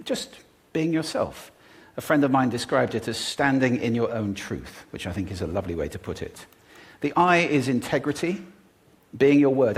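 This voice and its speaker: Man giving a lively, expressive stage talk. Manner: expressive, deliberately varies pitch, pace and volume. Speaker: public speaker on voice. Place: stage before a live audience.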